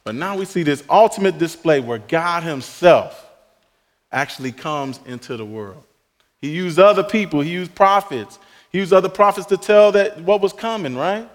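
A pastor delivers a sermon in a fairly high-pitched male voice, pressing hard on key words and then falling to near-hushed asides. His voice rings out with the long reverb of a large hall. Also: lively intonation, normal speed. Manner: emphatic preaching, dropping to soft asides.

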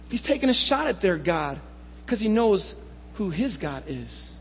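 A man preaching a sermon, lively and animated, with rhetorical questions and sarcastic asides. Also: high voice, unhurried, vocal fry, slight background noise. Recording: dull lo-fi recording with long hall reverb.

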